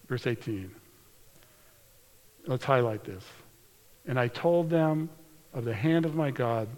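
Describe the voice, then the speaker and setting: A man preaching a sermon, reading scripture aloud in an earnest way and slowing down or dropping to a hushed whisper for emphasis. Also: mid-range voice. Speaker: pastor. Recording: long hall reverb.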